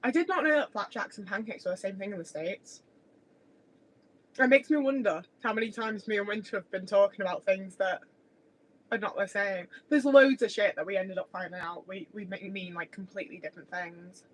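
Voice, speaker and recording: A young woman talking on a relaxed home livestream, her words wandering from one thought to the next. She swears freely and pokes fun at herself, and her voice sits at an ordinary middle pitch. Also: a little fast, poor audio. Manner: rambling, sweary, self-deprecating. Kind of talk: casual livestream chat. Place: home kitchen.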